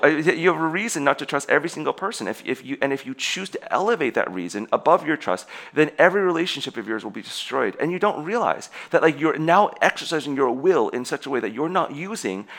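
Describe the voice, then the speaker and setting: A young man preaching with a bright, forceful tone set a little high. He talks in an animated way, laughs often and trips into quick restarts. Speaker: pastor. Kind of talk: sermon.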